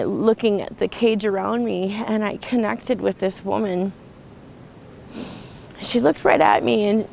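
A woman's voice: medium pitch, vocal fry, darkish tone, slight background noise, low-quality recording. A woman sharing an emotional personal testimony, earnest and full of restarts and fillers. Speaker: retreat participant sharing a testimony.

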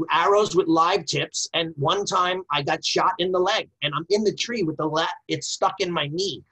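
Husky, emphatic man telling stories. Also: a little high, poor audio. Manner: emphatic, animated storyteller. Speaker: martial arts instructor, guest. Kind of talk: storytelling conversation.

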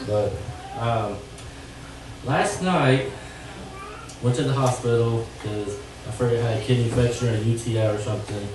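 A young man giving an earnest, halting testimony to his church. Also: medium pitch, over music. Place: church sanctuary. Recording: echoey church from far off.

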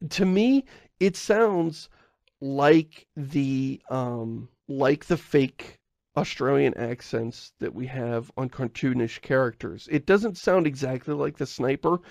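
A man with a gravelly, fry-edged voice chats loosely as a podcast co-host. He rambles, doubles back to fix himself and chuckles between thoughts. The sound is close and dry. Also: fairly high pitch, a little mellow, no room sound. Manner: rambling, self-correcting, chuckles often. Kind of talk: casual podcast chat.

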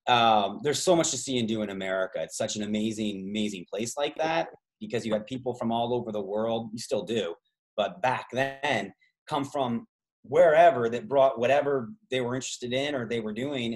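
A man from Canada hosting a travel trivia game over a video call, rambling through side stories with many fillers. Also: mid-range voice. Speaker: trivia host and tour guide.

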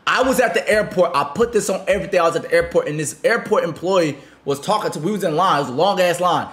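A man telling a story in casual chat with friends, animated and laughing as he acts out the people in it. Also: sits high, fast, echoey room. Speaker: podcast regular.

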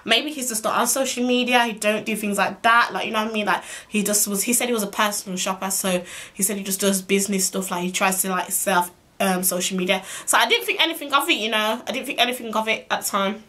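A woman's voice: medium pitch, fast talker. Chatty young woman telling a story. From Birmingham, England. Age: young adult. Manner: chatty, animated, swears freely. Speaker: vlogger. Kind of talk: casual storytime.

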